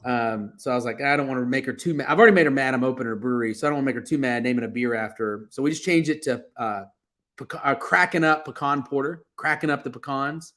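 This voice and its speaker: Casual Texan brewer guy in his thirties, easygoing and joking, mid-pitched. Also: fast, fairly bright tone. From Texas. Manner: laid-back, joking, talks through fillers and restarts. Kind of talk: casual interview on a livestream.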